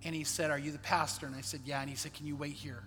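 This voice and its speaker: A man, a pastor, telling a personal story in a sermon, earnest and dropping quiet in the sad parts. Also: on the high side, level tone, fast, big-room sound, soft background music. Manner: earnest storyteller, quotes others in his own voice, drops quiet in sad parts.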